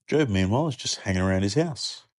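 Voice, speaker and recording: A man telling a comic, irreverent retelling, sarcastic and sweary, breaking into loud, high character voices. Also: lively intonation, fast talker, no room sound. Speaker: comedy podcast narrator.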